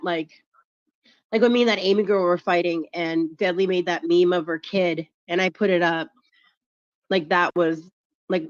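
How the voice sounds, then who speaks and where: A woman's voice: lowish voice, no echo. Woman, streamer, loose rambling chat, dull lo-fi sound. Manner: rambling, heavy use of "like". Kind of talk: casual chat.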